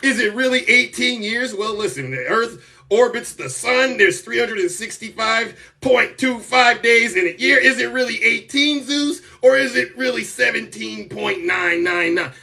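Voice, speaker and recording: Male streamer host, showy and boastful, high bright voice, sits a bit back from the mic. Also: unhurried, gravelly, far from the mic. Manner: boastful, theatrical, rising to shouts. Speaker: political commentary streamer. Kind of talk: live-stream political commentary.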